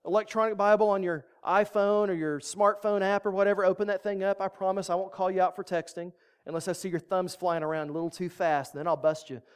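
Relaxed, joking preacher who teaches from scripture in a chatty way. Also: mid-range voice, fast talker, clean tone. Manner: casual, joking, conversational. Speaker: pastor. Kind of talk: sermon with Bible reading.

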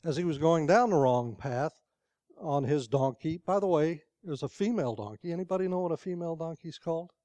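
A man's voice: fairly high pitch, animated, brisk, warm tone, dry recording. An older man preaching a sermon in a conversational storytelling way, asking the congregation questions.

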